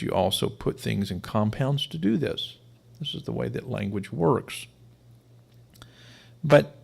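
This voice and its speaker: A man's voice: medium pitch, creaky. A man teaching to a live audience, explaining his points emphatically and sometimes repeating words for stress. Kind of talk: live-streamed lecture.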